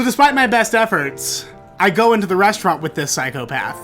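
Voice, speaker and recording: A man hosting a storytelling show, recounting a bad date in an animated, theatrical way that bursts into exclamations. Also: high-pitched, a little fast, music in the background. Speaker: storytelling podcast host. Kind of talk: comedic personal storytelling.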